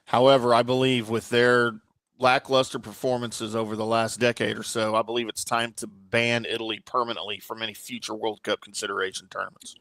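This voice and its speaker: A man co-hosting a sports talk show, tossing out wry, joking takes. His voice is gravelly and sounds dry and close to the mic. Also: medium pitch, flat delivery, a little fast, fairly bright tone, no room sound, low-quality recording. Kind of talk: casual sports radio chat.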